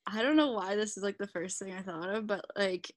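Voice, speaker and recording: A woman's voice: mid-range voice, brisk, no echo. Chatty laughing Canadian woman. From Alberta, Canada. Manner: chatty, laughs often, many likes. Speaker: guest, former college hockey player. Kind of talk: casual interview chat.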